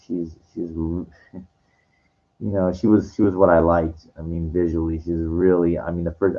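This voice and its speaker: A man telling a personal story in a casual monologue, halting and rambling, with many restarts, fillers and casual swearing. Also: low voice, muffled recording. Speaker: vlogger.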